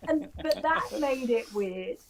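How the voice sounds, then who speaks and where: A woman's voice: high-pitched, animated, slow pace, a crowd in the background. A woman hosting a casual podcast chat, telling rambling stories and laughing often. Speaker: podcast host.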